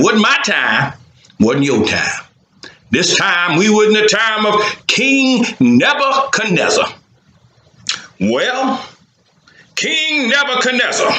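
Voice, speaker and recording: A man's voice: high voice, pushed and bright, reverberant, low-quality recording. A man telling a Bible story to children in a theatrical, rhythmic way.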